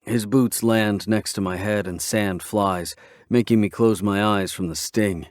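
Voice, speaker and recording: A man's voice: on the low side, fairly even intonation, unhurried, a little mellow, no echo, studio quality. A man narrating a romance audiobook in first person, tense and gritty.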